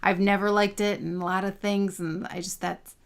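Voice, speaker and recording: A woman co-hosting a casual review show, opinionated and animated, often repeating herself as she makes her point. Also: medium pitch, moderate pace, gravelly, smooth. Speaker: podcast co-host. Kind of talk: casual chat.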